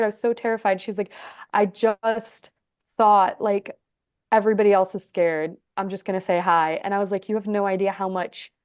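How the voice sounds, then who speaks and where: A woman in her thirties from Egypt and Texas, telling her story as a podcast guest in a chatty way, full of "like" and quick laughs. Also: mid-range voice, no echo, clean studio sound. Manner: chatty, lots of "like", laughs often. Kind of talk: casual storytelling interview.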